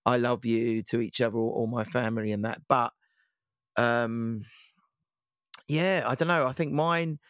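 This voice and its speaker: A man's voice: mid-range voice, dry recording, studio quality. A man in casual podcast chat, talking reflectively and hesitantly. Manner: reflective, hesitant, many restarts. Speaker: podcast co-host.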